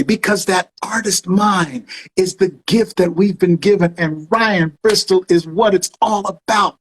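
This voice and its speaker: A man's voice: high voice, rough recording. A man in his fifties hosting an online show, praising his guest with effusive, preacher-like cadence and talking straight to his audience. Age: 50s. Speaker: show host. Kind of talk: enthusiastic interview chat.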